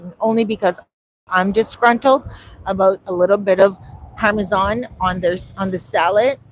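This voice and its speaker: A woman with a medium-pitched voice chats in a phone-recorded street vlog, animatedly narrating stories and performing the quoted exchanges. Background noise can be heard.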